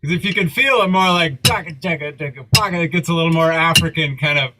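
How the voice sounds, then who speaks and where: A man's voice: on the high side, fast talker, very noisy. A man in a group drum lesson on a video call, explaining a pattern by counting aloud and singing the rhythm in syllables. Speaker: drummer taking part in the lesson. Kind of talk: casual explanation.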